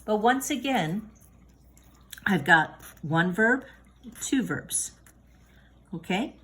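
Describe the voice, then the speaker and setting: A woman's voice: mid-range voice, animated, extremely slow, fairly bright tone. A woman teaching a recorded grammar lesson, patient and encouraging, with many fillers and restarts. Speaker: Spanish teacher.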